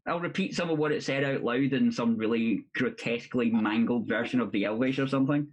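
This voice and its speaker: A player in casual tabletop game chat, animated and swearing, voice jumping when excited. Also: medium pitch, fairly quick.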